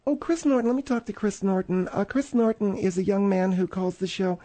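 A man voicing a fussy high-voiced woman radio host. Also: steady tone, fairly quick, mellow, close to an everyday voice. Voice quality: fussy, calls callers dear and honey. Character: prim middle-aged woman radio host filling in. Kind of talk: comedy radio call-in show.

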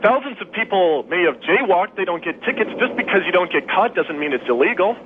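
A man's voice: sits high, lively intonation, fairly quick. A man calling a radio show, indignant and scolding, heard over a phone line. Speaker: radio caller. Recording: tinny phone line, faint hiss.

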